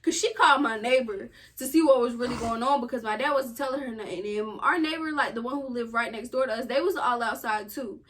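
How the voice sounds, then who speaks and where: A woman's voice: a little high, fast talker, few pauses, a bit bright. A young woman co-hosting a vlog, telling a family story in a loose, slangy, casual way. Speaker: vlog co-host.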